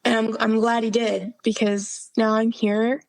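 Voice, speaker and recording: Gravelly young woman telling her story. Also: on the high side, little pitch movement, a little slow, dry recording. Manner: earnest storytelling, many fillers like "like" and "um", acting out quoted dialogue. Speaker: podcast guest. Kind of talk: personal testimony in an interview.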